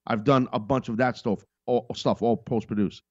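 A man's voice: mid-range voice, steady tone, normal speed, a little mellow, no room sound. A man hosting a podcast, speaking in a rambling, emphatic monologue that often breaks off and restarts. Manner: rambling, emphatic, self-interrupting. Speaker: podcast host and wrestling commentator. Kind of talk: casual monologue. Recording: dull lo-fi dry sound.

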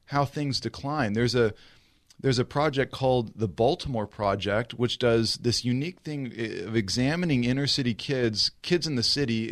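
A pastor preaches a sermon, telling the story vividly and acting out its scenes. His mid-range delivery swings between rushed and slow.

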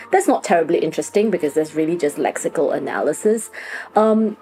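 Mellow-voiced Singaporean woman professor. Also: fairly low pitch, rough recording. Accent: Singaporean English. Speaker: linguistics professor. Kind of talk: interview, expert explanation.

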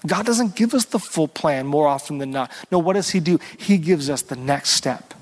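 Male pastor mid-sermon, slightly raised pitch, leans on words and asks the room for amens; long hall echo. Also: lively intonation. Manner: earnest, drawn-out emphasis on key words; asks the congregation for responses. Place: church service.

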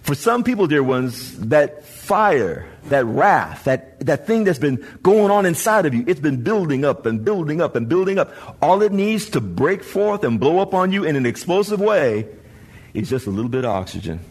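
A male pastor preaching a sermon to a congregation, building to shouts and trading call-and-response with the listeners. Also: fairly high pitch, very animated, moderate pace, slightly rough. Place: church before a congregation.

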